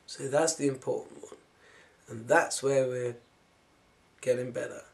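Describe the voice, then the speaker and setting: Speaking to camera with a steady, gravelly mid-range voice at a slightly slow pace, this man drifts through casual reflections on spiritual dimensions. As a spiritual vlogger, he wanders between ideas, laughs softly, and lets phrases trail away.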